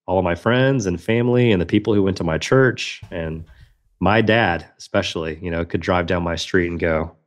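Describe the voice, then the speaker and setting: A man's voice: low voice, normal speed. A man in his thirties, a podcast guest telling a personal story in an earnest, reflective way.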